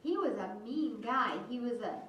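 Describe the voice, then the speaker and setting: A woman voicing a sermon aloud for an interpreted service, with slow, measured phrasing and pauses. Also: a little high, animated, a bit bright. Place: church sanctuary. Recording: distant, echoey church hall, faint hum.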